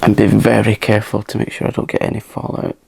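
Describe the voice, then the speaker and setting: Gravelly man, soft-spoken makeup chat. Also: on the low side, monotone, fast, noisy background. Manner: chatty, self-mocking, drifts into whispers. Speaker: makeup channel host.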